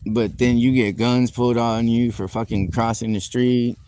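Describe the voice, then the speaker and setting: This is a man in a mid-pitched voice telling a long, rambling story on a live stream. He is fired up and profane. He speaks straight into a phone outdoors, with a faint wash of ambient sound behind him. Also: level tone, normal speed, mellow, a little hiss or hum. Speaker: livestreamer. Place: outdoors on a city street.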